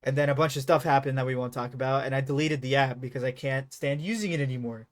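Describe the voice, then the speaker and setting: A young man streaming live, chatting casually in a rambling, profane, self-mocking way, with sudden loud jumps when he acts out his own reactions. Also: mid-range voice, steady tone, fast. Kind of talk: casual live-stream chat while gaming.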